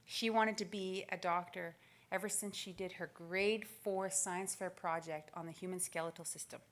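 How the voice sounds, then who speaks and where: Woman, forties, keynote speaker, motivational speech, lively storytelling, acted-out quotes. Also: lowish voice, normal speed. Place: conference stage.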